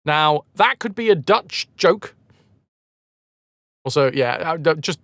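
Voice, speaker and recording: A man's voice: a little high, animated, a little slow, long pauses, a bit bright, no echo. A man live-streaming a game, chatting casually with viewers in a rambling, self-mocking way and swearing freely.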